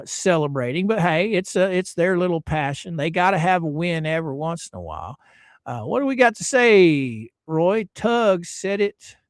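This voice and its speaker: Slow, lively folksy man host. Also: fairly high pitch, dry recording, clean studio sound. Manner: folksy, drawn-out greetings and repeated phrases. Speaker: livestream host. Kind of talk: casual livestream chat greeting viewers.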